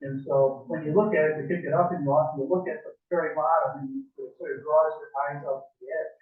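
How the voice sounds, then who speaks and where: A man's voice: on the high side, steady tone, fairly quick. An older man giving an informal demonstration to a woodworking club, rambling with many fillers and chuckles. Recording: echoey room, far from mic, phone-like.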